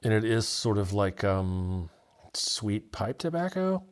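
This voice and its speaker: A man's voice: on the low side, sing-song, slow pace, smooth. A man in his forties, a guest in a podcast studio, chatting casually and telling rambling stories while tasting bourbon. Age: 40s. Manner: easygoing storyteller, rambling with fillers. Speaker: guest, spirits buyer for a retailer.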